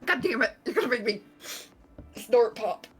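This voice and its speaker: An excitable woman chatting and swearing casually with friends during a game stream. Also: on the high side, normal speed, slightly rough. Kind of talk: casual gaming chat.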